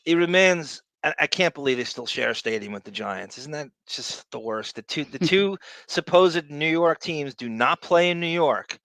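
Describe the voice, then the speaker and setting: A man's voice: on the high side, normal speed, few pauses, fairly bright tone, dry recording, low-quality recording. Sarcastic man ranting on a podcast. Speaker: podcast co-host. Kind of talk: casual podcast commentary.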